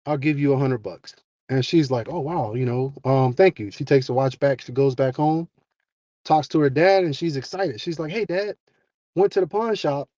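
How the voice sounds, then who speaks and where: A man's voice: mid-range voice, warm tone, no echo. A man telling a motivational story in a casual, folksy way, acting out the dialogue of its characters. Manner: folksy and conversational, acts out dialogue. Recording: dull, muffled lo-fi sound.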